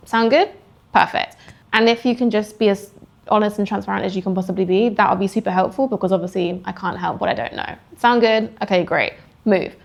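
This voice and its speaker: Woman sales coach, gravelly edge, animated, acts out call lines. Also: medium pitch. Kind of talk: teaching sales calls to camera.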